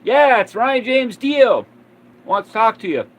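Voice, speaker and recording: Man playing a record shop coworker, high-pitched, loud excited call-out. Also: takes it slowly, full character voice. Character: record store coworker calling someone to the phone.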